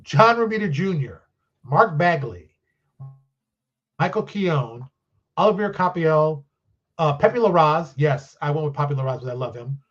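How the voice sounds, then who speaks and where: Here the game designer and publisher guest sounds a little high, with a measured pace and long pauses over lo-fi sound. Chatting on the live-streamed interview, he tells loose, self-deprecating stories and animatedly plays out the quoted conversations.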